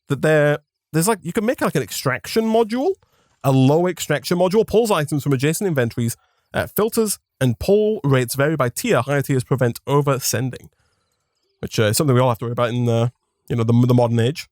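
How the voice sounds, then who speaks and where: A man's voice: a little high, lively intonation, brisk, a little mellow, dry recording. A man co-hosting a gaming stream, explaining mechanics in casual chat with a dry, teasing wit. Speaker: co-host of a gaming channel.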